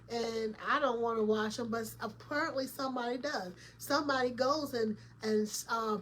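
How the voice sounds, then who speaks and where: A woman's voice: on the high side, a bit bright, slight background noise. A woman hosting a casual commentary vlog, chatty and opinionated, talking straight to her viewers with colloquial emphasis. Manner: chatty, opinionated, laughs often, addresses viewers directly. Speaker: host.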